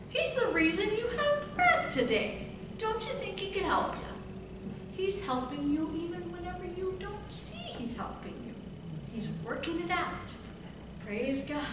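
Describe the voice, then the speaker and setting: High-voiced woman preaching fervently in an echoey hall. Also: sing-song. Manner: fervent, drawn-out emphatic scripture reading. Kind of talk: sermon. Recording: echoey room from far off, noisy.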